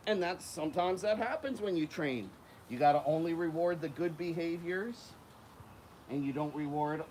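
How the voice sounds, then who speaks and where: A man hosting a casual vlog outdoors, coaxing and calling to alligators as he feeds them, in a windy spot. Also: a little high. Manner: animated, calls animals in a coaxing voice. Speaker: alligator keeper and channel host. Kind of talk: casual vlog talk while feeding animals. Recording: noisy outdoor recording.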